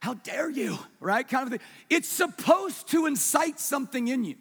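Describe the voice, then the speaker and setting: Male pastor, high husky voice, chatty sermon style with questions to the room and hushed emphasis. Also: expressive, normal speed. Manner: conversational preaching, asks the congregation questions, drops soft for emphasis. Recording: long reverb of a large hall.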